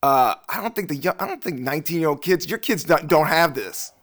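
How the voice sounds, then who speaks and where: A man hosting a comedy podcast, chatting casually, enthusiastic and quick to laugh. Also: on the high side, expressive, fairly bright tone. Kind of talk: casual chat.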